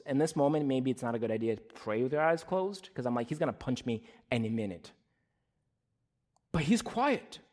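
Animated man preaching a storytelling sermon. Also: fairly high pitch. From Russian Slavic community in the US. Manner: animated storytelling, swings from loud to hushed. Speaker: pastor.

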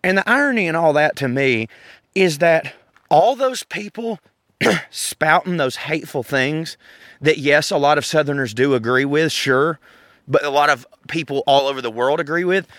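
Speaking at normal speed in a voice on the high side, a middle-aged Southern US podcast host, from the Southern United States, rants casually in a park, cursing, animated, and rambling. The audio is studio quality with no echo.

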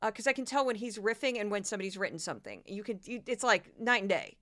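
A woman's voice: mid-range voice, animated, fast, fairly bright tone, no room sound, studio quality. A woman in her forties hosting a podcast, giving casual, sarcastic and exasperated commentary on news clips. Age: 40s. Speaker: podcast host.

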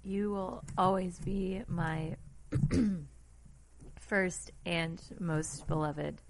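A woman in her thirties, a podcast co-host and producer, speaking in a gentle, reassuring way. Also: lowish voice, fairly even intonation, drawn-out words, a little hiss or hum. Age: 30s. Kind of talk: casual chat.

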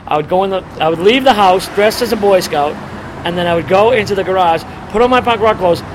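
Interviewed on the street in front of a bar, a fast-talking, middle-aged punk singer from around Boston spins rambling, swaggering stories full of profanity, his voice fairly high. Loud traffic and passing cars roar behind him.

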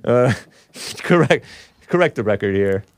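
A male talk show host chats loosely on air, wandering from point to point and correcting himself as he goes. His pitch swings widely and expressively, and the sound is close and dry with no room echo. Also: expressive, a little slow. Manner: rambling, wry asides, frequent self-corrections. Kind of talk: casual call-in show chat.

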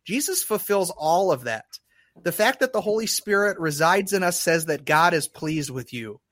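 Co-host, male, higher-pitched, dry close sound, earnest and halting. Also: animated, a bit bright, no echo. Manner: earnest, halting, restarts often when emotional. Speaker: podcast co-host. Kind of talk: casual faith discussion.

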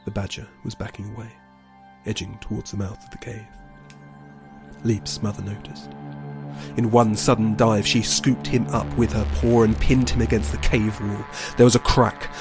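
A man narrating an audiobook fantasy story in an even, hushed storytelling manner. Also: on the low side. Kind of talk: scripted narration. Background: background music.

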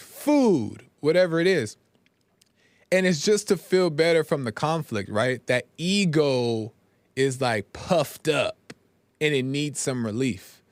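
A man's voice: fairly high pitch, no room sound. A man hosting a podcast, talking casually about faith and struggle, often checking in with "right?" and retelling scenes in his own words. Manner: retells scenes with loose quoted dialogue. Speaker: podcast host. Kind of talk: casual spiritual talk.

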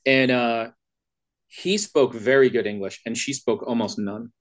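A man with a flat Midwestern accent, a podcast guest who talks loudly and casually, often restarting his questions mid-sentence. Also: medium pitch. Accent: flat Midwestern American. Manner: loud, halting, restarts questions. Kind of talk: casual conversation.

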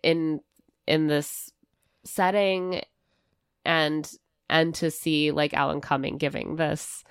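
A woman with a low, smooth, resonant voice chats casually on a podcast, dropping "like" often and slipping into little impressions of people. The sound is dry and close, with no room around it. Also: steady tone, slow, no echo. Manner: chatty, many "like" fillers, acts out quoted lines. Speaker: podcast co-host. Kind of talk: casual chat about a TV show.

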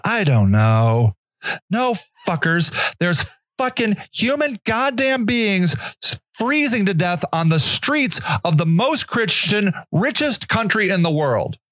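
A man hosting a podcast, delivering an angry, profane monologue rant, often shouting. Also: very high voice, no echo, clean studio sound. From Northeast Ohio. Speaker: podcast host.

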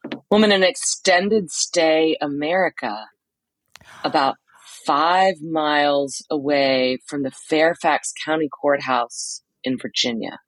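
A woman co-hosting a podcast from a motel room, telling a story in casual chat with quick asides. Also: low-pitched, no echo, rough recording. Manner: chatty storyteller, quick asides and acted-out quotes. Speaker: podcast co-host reporting from a trial.

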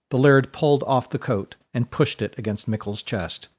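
A man narrating a scripted story in an even, measured reading. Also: mid-range voice.

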